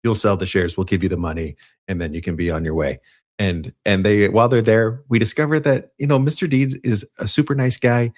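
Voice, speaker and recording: Podcast co-host, male, low-pitched; loose rambling plot recap, self-correcting, laughs a lot. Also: fairly quick, a little mellow. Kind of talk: casual movie recap.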